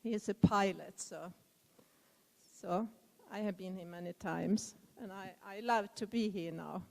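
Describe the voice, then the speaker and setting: A woman's voice: medium pitch, measured pace, gravelly. A Swedish woman with a Swedish accent, carefully introducing herself at a community meeting with some fillers. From Sweden. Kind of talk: self-introduction. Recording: echoey community hall.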